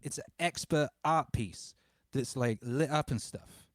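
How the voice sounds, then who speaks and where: A man in his forties from England, hosting a home livestream in an excitable, rambling way, talking into a microphone run through a DJ mixer. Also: mid-range voice, measured pace, background noise. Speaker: livestream host and DJ. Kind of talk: casual livestream chat. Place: home studio. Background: faint music bed.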